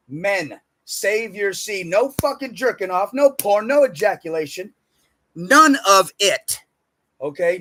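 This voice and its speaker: A man with a high-pitched voice gives an unscripted, preachy motivational rant. He talks with a lot of profanity, jumping from loud, emphatic bursts to muttered asides. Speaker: self-help speaker.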